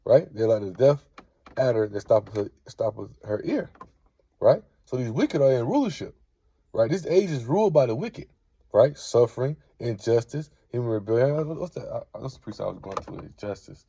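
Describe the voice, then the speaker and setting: A man's voice: mid-range voice, animated, normal speed, creaky, warm tone, slightly rough. A man giving an informal scripture lesson, reading verses aloud and checking in with "right?" after most points. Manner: peppers talk with "right?", reads verses aloud. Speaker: Bible teacher.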